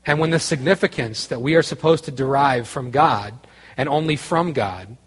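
A man preaching a conversational sermon, telling a story with restarts and growing quiet and earnest. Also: mid-range voice, normal speed, husky, long reverb tail. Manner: conversational, self-interrupting, grows quiet and earnest. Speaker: pastor.

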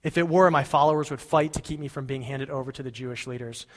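Man reading as a calm, dignified accused teacher. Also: medium pitch, close to an everyday voice. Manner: calm, measured. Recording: long reverb of a large hall.

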